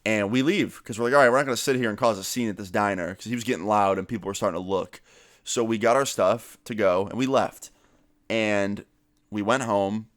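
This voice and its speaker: A young man telling a story on his vlog in a casual, animated way, swearing freely and raising his voice to act out what others said. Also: on the low side, brisk, dry recording, clean studio sound. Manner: animated, swearing, acts out quotes in raised voice. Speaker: vlogger telling a story time.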